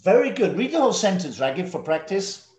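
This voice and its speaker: A man teaching English to students over a video call. He is patient, drills words slowly, calls on students by name and drops in Indonesian classroom words. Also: high voice, sing-song, a little mellow, echoey room.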